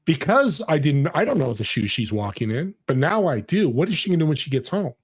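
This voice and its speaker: With a slightly high, slightly rough voice, a middle-aged podcast guest speaks a little fast and very animatedly. He shares a personal story in an earnest, motivational, conversational way, acting out quoted people.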